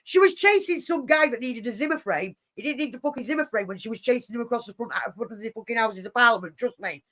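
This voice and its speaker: A woman's voice: a little high, lively intonation, fast, fairly bright tone. A woman hosting a live stream, telling rambling stories full of swearing and acted-out quotes. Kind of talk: casual profane storytelling chat.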